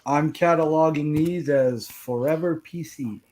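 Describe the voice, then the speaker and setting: A man's voice: fairly high pitch, a little slow, a little mellow, a little hiss or hum. A man joking around in a casual online video-call chat about comics. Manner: playful, jokey. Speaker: hangout participant showing comics.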